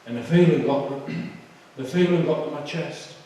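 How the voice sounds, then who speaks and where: A man giving an emotional personal testimony, halting and full of fillers. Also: a little high, dark tone, a little hiss or hum. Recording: echoey hall, far from the mic.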